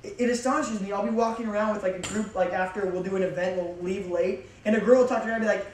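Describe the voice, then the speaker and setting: A man's voice: sits high, steady tone, fast talker, darkish tone, slight background noise. A young man, a youth pastor, giving a casual, joking and emphatic sermon to teenagers in a church hall. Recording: echoey hall from far off.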